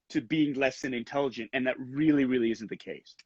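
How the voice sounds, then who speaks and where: A man's voice: mid-range voice, fast talker, slightly rough, no room sound, dull audio. A man from Canada, an actor being interviewed over a video call on a headset, speaking earnestly and thoughtfully, often restarting his sentences.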